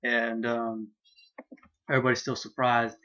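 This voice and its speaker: A man talks through a manga chapter in a loose, excitable way. He swears freely and laughs at the funny bits, at a middling pitch. The recording sounds dull and lo-fi. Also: a little slow. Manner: excitable, profane, laughing, retells scenes loosely. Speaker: manga reviewer. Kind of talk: casual manga chapter review.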